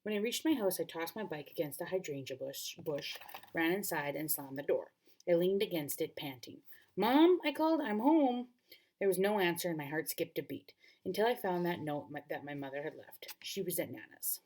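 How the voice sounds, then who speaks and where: A woman teacher reading a novel aloud to students, expressive and often correcting herself mid-sentence. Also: deep voice, brisk.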